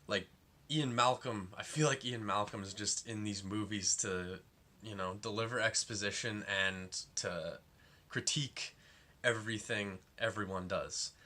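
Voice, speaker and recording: A man's voice: lowish voice, unhurried, sharp tone. A young man giving a casual, rambling film review, full of fillers and exasperation.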